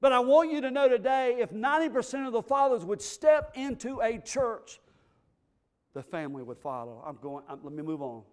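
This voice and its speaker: A man preaching as pastor, emphatic, swinging from low, quiet asides to loud, stressed lines. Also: sing-song, normal speed. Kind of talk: sermon.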